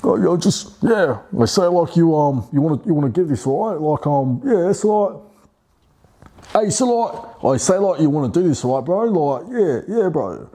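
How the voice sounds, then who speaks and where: Brief: excitable laid-back young man, put on by a man, pitched up and rambling. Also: moderate pace. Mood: excited. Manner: high, jumpy and laid-back, lots of fillers.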